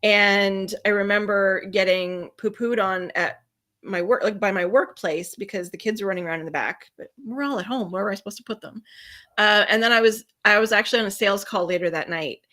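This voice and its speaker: A woman guest in an interview, a business coach telling a candid, lively story and acting out what people said. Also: mid-range voice, fairly quick.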